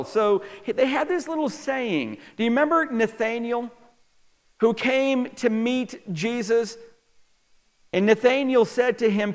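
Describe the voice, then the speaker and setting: A man with a high, gravelly voice preaches a sermon in a big church, his words trailing off into a long hall reverb. He speaks animatedly and keeps asking the congregation questions. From New York. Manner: animated preacher, asks the crowd many questions. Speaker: pastor.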